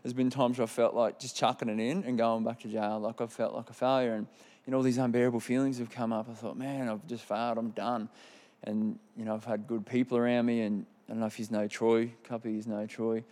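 Telling his own testimony, an Australian man in his thirties from Queensland rambles candidly with plenty of fillers. He speaks fast in a warm, medium-pitched voice that stays level.

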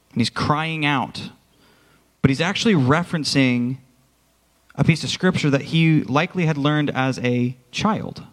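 A worship pastor speaks at a medium pitch, his voice filling a large hall. He preaches to his congregation in a church sanctuary, earnest and direct.

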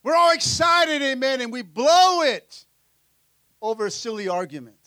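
A man preaches a lively sermon in a very high, bright voice. He drives his points home with repeated calls of "amen" and bursts into the voices of the characters he describes. The sound is close and dry. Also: moderate pace, no echo. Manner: energetic preaching, frequent "amen", acts out disciples' voices. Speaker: pastor. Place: church sanctuary.

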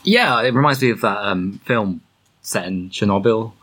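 Bright-voiced man with dry puns. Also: lowish voice, moderate pace. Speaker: podcast guest. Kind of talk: casual comedic group chat.

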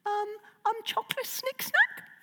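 Woman doing Toothless, a squeaky little dragon. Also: sing-song, unhurried, bright, forceful tone, exaggerated voice. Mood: hopeful. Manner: squeaky, wheedling baby talk. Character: small disobedient young male dragon. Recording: long hall reverb.

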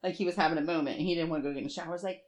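A woman in her forties chatting casually on a podcast, telling animated stories about her kids and laughing often. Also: sits low, rapid-fire. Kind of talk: casual chat.

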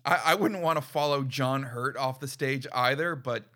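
A man's voice: mid-range voice, moderate pace, sharp tone. A man co-hosting a casual film review chat, sarcastic and profane, mocking with impressions. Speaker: podcast co-host reviewing a film.

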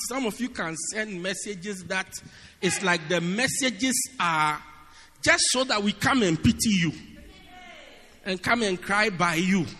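A man preaching a sermon in an animated, humorous way, often asking his listeners if they get it. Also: high-pitched. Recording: long reverb of a large hall.

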